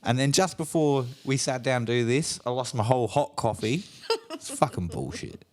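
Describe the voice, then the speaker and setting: An Australian man chatting on a casual podcast. He tells rambling, sweary stories with a lively, swooping pitch. He breaks into laughter often. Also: normal speed. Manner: sweary, rambling storyteller who laughs a lot. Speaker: podcast co-host.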